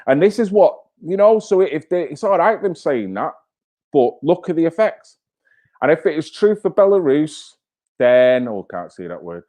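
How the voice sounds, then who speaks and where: A man's voice: on the high side, big pitch swings, moderate pace, mellow. A man hosting his own channel, talking in a blunt, fired-up way with swearing and rhetorical questions. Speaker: channel host. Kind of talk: casual live-stream commentary.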